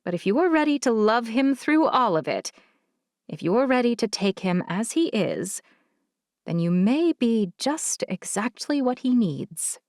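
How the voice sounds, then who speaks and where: A woman narrating an audiobook, voicing a kind, frank older female social worker who speaks gently and candidly. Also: a little high, big pitch swings, measured pace, no echo, studio quality. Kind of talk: audiobook character voice.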